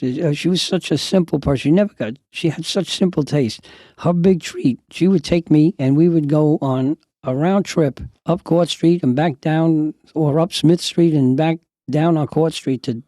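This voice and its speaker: Older new york guy telling family stories, animated, bit of a high voice, dry close mic. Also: normal speed, no echo. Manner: animated storyteller who acts out family anecdotes. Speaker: podcast host. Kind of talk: storytelling.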